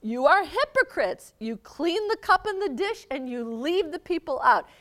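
A woman reading aloud the words of an angry, grieving male prophet, scolding loudly and then lamenting quietly. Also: mid-range voice, sing-song, slow pace. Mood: furious scolding.

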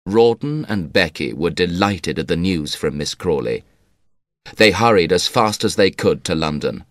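A man narrating a classic novel as a measured audiobook reading. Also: deep voice, no echo, studio quality. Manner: measured, even storytelling.

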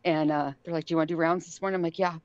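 Her low, smooth voice races along as this middle-aged woman, a podcast guest, tells a casual story, laughing often and animatedly acting out what people said. The sound is dry, dull, and lo-fi.

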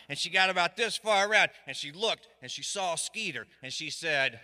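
A middle-aged man tells a comic tale to a live audience. His voice sits high and cuts with a hard, bright edge. A long hall reverb trails each line. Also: brisk, few pauses. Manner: animated, shouting quoted lines, dry asides. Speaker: storyteller. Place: stage in a hall.

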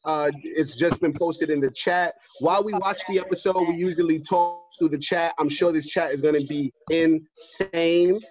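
A man hosting a casual video call reunion, talking in an excited, emotional and rambling way. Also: on the high side, moderate pace, hardly any pauses, over music. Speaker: host.

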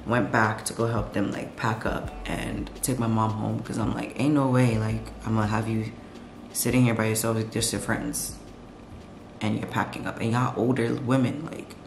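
A woman's voice: rumbling low, level tone, normal speed, background noise. A woman vlogging at home in a chatty, sassy way, full of slang, talking to her camera. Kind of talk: casual late-night vlog chat. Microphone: camera set up nearby. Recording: echoey room with music behind.

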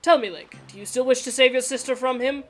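A woman's voice: high voice, fast, soft background music, close to an everyday voice. A woman reading a solemn old talking boat king. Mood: earnest. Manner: solemn, formal storytelling delivery. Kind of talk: reading game dialogue aloud.

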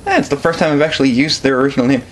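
A man's voice: medium pitch, racing, a little hiss or hum. A man giving casual, joking commentary while playing a video game. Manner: joking, self-deprecating. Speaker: let's play commentator.

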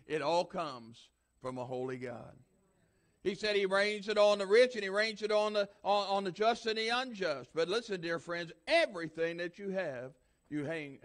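A high-pitched male pastor delivering a sermon in church. He hammers home his points through repetition, pushing each line harder than the last. His voice rises as he presses the congregation. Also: a bit bright. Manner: emphatic preacher, repeating lines with rising force.

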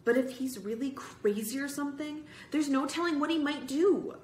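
A woman's voice: high-pitched, normal speed, slight background noise, pitched above the performer's own voice, natural voice. A woman voicing a nervous, thoughtful young boy who speaks in an anxious, hesitant way, read aloud in a room with an echo. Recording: roomy echo.

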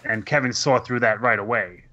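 A man's voice: mid-range voice, fairly even intonation, a little fast, bright, forceful tone. A man co-hosting a podcast in casual chat, talking loosely with many fillers and hesitations. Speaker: podcast co-host. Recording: dull lo-fi sound.

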